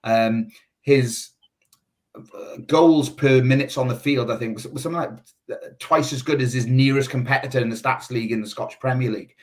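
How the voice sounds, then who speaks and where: A man talking casually as a football fan panelist, opinionated and thinking out loud as he goes. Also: mid-range voice, fairly even intonation, fairly quick. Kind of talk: casual chat.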